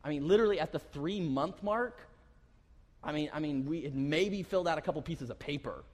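A man's voice: a little high, fairly quick. A pastor giving a sermon in a conversational, storytelling way, often chuckling as he talks. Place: church hall. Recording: long reverb of a hall.

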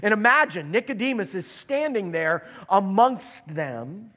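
High-voiced male pastor preaching. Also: a little slow. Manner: animated, acts out Bible characters' lines. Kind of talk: sermon.

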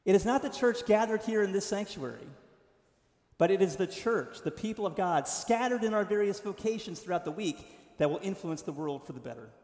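A man preaching a sermon as pastor, emphatic, rising to stressed lines and then dropping soft. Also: sits high, expressive, brisk. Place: church sanctuary. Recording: echoey sanctuary with long reverb.

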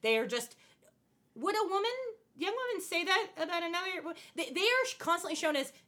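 Animated, bright-voiced woman recapping. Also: extremely high pitch, fairly quick. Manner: animated, laughing, expressive storyteller. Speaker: podcast co-host. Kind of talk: casual chat recapping a TV show.

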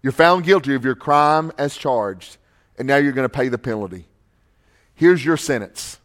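A man voicing a stern ancient male conqueror-king passing judgment, booming then grave. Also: animated, normal speed, a bit bright, close to an everyday voice.

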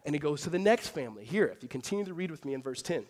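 Man, pastor, high-pitched voice, conversational sermon, lively storytelling, casual fillers. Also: very fast. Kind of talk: expository sermon.

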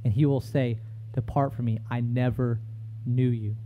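A man delivers a sermon in a conversational way, stopping to read scripture aloud. His voice sits at an ordinary pitch for a man. The recording is dull and lo-fi. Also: fairly even intonation, moderate pace. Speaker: preacher.

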